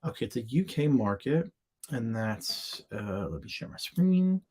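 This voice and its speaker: A man's voice: mid-range voice, big pitch swings, a little slow, mellow. A man from the United States hosting a casual live Q&A, chatty and playful, tossing in made-up words while sharing his screen. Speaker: livestream host answering seller questions. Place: home or office in Florida.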